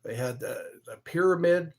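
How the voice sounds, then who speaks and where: A man hosting his own live stream, chatting slowly and aimlessly, greeting viewers by name and trying to recall old movies. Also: on the high side. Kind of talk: rambling live stream chat.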